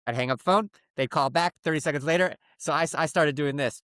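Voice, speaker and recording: A man's voice: on the high side, quick pace, few pauses, fairly bright tone, no echo, studio quality. A man co-hosting a podcast, telling a story in casual chat and acting out phone calls in put-on voices. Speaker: podcast co-host.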